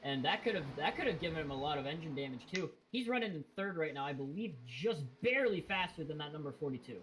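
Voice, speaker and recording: Man, race commentator, casual rambling delivery, fairly high voice, faint background hiss. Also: lively intonation, fast talker, fairly bright tone, rough recording. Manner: casual, rambling with fillers and self-corrections. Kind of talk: sim racing commentary.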